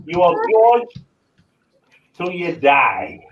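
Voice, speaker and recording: Male co-host, raised pitch, playful taunting, dull lo-fi sound. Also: big pitch swings, drawn-out words, noisy background. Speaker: stream co-host. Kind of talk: casual banter.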